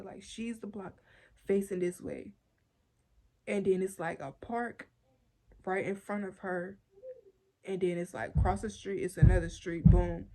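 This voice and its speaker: A young woman vlogger telling a storytime tale in animated, profane street slang while she smokes. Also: lowish voice. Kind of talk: casual storytime vlog.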